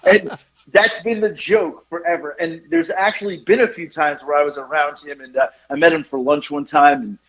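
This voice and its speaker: A man telling a funny story on a podcast, animated and often laughing at his own tale. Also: on the high side, moderate pace, dull audio. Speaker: podcast co-host. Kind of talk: casual storytelling chat.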